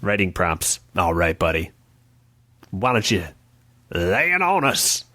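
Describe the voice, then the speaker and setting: Lively, playful podcast host. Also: male voice, deep voice, slow. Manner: playful, mock-salesman bits, laughs. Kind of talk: casual comedic chat.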